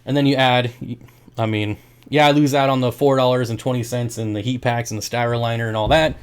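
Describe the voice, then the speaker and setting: A man's voice: mid-range voice, fairly even intonation, brisk, slight background noise. A man who sells aquarium fish, chatting casually on his livestream, joking and laughing often. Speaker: aquarium fish seller and streamer.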